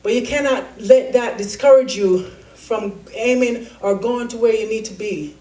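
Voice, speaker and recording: A woman's voice: fairly high pitch, moderate pace, far from the mic. Woman speaking in an echoey hall. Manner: animated storytelling, acts out quotes. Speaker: keynote speaker. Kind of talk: motivational speech. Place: large event hall.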